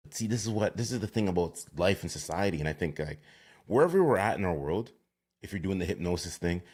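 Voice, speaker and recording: A man hosting a casual podcast interview over a video call, talking expressively and swooping high when he tells a story. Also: darkish tone. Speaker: podcast host.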